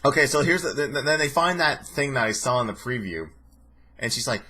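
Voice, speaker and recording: Sarcastic, bright-voiced young man. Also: a little high, a little fast, slightly rough. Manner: sarcastic, joking, animated mimicry of people. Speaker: show reviewer. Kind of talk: casual recap commentary.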